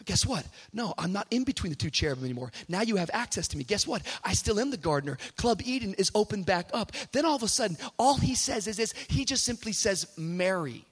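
A man preaching a sermon, moving from conversational asides to shouted, rising declarations, with jokes along the way. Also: sits high, expressive, fast, hardly any pauses, slightly rough. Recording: live hall reverb with faint music.

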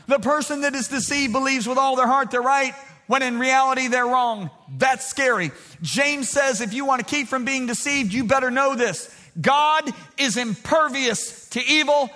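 A man preaching a sermon emphatically, calling on the congregation to answer aloud and swinging between shouts and quiet storytelling. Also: very high-pitched, measured pace, long reverb tail.

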